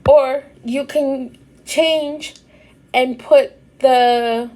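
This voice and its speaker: Woman teacher, fairly high voice, slow, patient lecture delivery. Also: steady tone, mellow, poor audio. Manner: slow, patient explaining with repeated examples. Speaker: Spanish teacher. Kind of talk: recorded grammar lecture.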